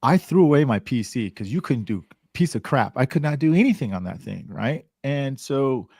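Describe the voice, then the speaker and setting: A man guest on a podcast, telling stories in a casual, animated way and acting out the people he quotes. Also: moderate pace, vocal fry, slightly rough, no room sound, clean studio sound. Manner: animated, acts out quoted voices with big pitch jumps. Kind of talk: casual storytelling.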